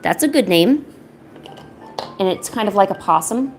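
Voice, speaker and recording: A woman's voice: mid-range voice, animated, normal speed, faint music behind. Playful woman cooing at her cats. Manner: teasing, chatty, laid-back. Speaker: art streamer. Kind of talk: casual chat while painting. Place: at home.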